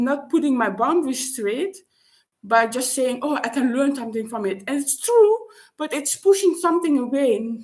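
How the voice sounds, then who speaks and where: A vlogger reflects on personal matters in a monologue, her slightly high voice faltering as she restarts often and looks for words. Dutch is her first language.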